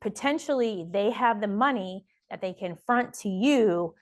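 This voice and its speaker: A woman's voice: medium pitch, expressive, a little slow. A woman coaching small-business owners straight to camera, stressing points by repeating words and cheering viewers on. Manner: addresses viewers as "y'all". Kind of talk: direct-to-camera advice video.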